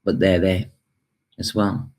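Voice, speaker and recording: This tarot reader's voice sits low and level, slow in pace and darkish in tone. Delivering an intuitive tarot and spirit reading to camera, he falters, repeats himself, uses plenty of fillers and pauses for emotional asides.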